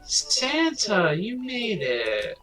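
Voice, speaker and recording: Man doing a friendly upbeat dad, chipper, swooping pitch, game music underneath. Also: very animated, moderate pace, a bit bright. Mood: cheerful. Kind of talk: reading game dialogue aloud in a let's play.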